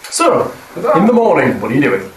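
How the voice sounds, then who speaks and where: A man running a tabletop game as game master, describing events with teasing, measured narration. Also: on the high side, huge pitch swings, crowd noise. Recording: echoey room, distant mic, faint noise.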